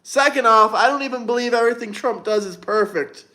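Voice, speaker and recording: Speaking fairly quickly in a very high, bright voice, this young livestream host has a forceful tone. He goes through viewer comments, replying bluntly while he swears freely and wanders off topic.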